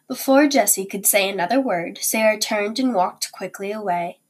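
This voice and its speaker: A woman teacher reading a children's chapter book aloud to her students, slow and deliberate. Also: mid-range voice, husky.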